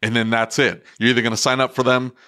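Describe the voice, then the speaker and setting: A man co-hosting a podcast, telling an excitable story in casual chat and acting out quotes. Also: medium pitch, fast. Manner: excitable storyteller, animated quoting. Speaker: podcast co-host.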